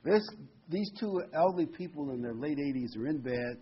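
Husky man preaching a sermon. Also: fairly high pitch, lively intonation. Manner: conversational, reads scripture slowly with emphasis. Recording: dull lo-fi recording.

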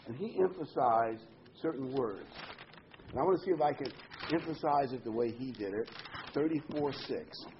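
A man preaching a sermon in a conversational way, leading the congregation to repeat words after him. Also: mid-range voice. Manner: conversational, leads the congregation in call-and-response. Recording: dull lo-fi recording with faint hiss.

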